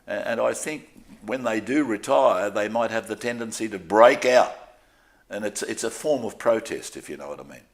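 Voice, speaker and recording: Speaking at a moderate pace in a lowish voice, an older Australian man who works as a sports broadcaster recounts stories in a laid-back interview, open and quick to poke fun at himself.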